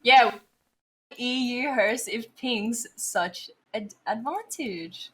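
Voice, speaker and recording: A woman's voice: on the high side, very slow, fairly bright tone, husky, rough recording. A young woman co-hosting a casual gaming podcast, chiming in with short agreements and playful teasing. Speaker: podcast co-host.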